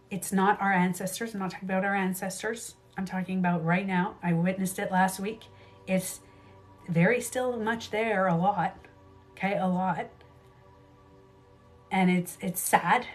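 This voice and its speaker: A woman hosting a casual livestream who talks emphatically, repeats her phrases and swears freely. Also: mid-range voice. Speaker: livestream host and beauty coach. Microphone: livestream camera mic.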